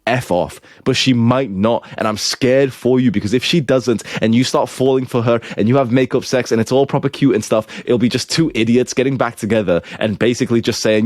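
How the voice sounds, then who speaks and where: A man's voice: mid-range voice, fairly even intonation, fairly quick, few pauses, a little mellow, no room sound, studio quality. A young man giving blunt, crude, scolding relationship advice as a show host. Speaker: self-improvement advice host.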